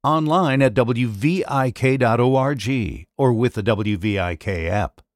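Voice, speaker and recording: A male station announcer reading station identification and sponsor credits in a lively, upbeat manner. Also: medium pitch, measured pace, no room sound, clean studio sound.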